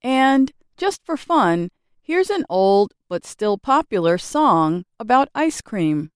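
A woman reading a scripted English grammar lesson with slow, careful, clearly enunciated delivery. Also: fairly high pitch, big pitch swings, no echo, studio quality. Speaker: English teacher.

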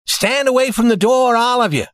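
A man voicing a calm young man, a reformed safecracker with a commanding manner, as part of a story reading. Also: sits high, moderate pace, no room sound, studio quality, voice pushed up.

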